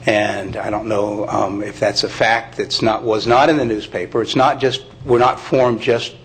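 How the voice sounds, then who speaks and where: A man's voice: fairly low pitch, fairly even intonation, normal speed, breathy edge, poor audio. A man speaking earnestly at a county commission meeting. He apologizes, restarts his sentences and lays out his plans. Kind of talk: public meeting testimony.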